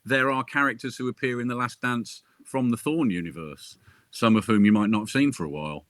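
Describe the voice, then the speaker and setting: A chatty man talking casually as an interview guest, full of jokey asides and quick restarts. His voice has a bright, forceful edge. The sound is dry and close, with no room around it. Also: mid-range voice, no room sound. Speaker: crime author interviewed as guest. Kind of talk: casual chat.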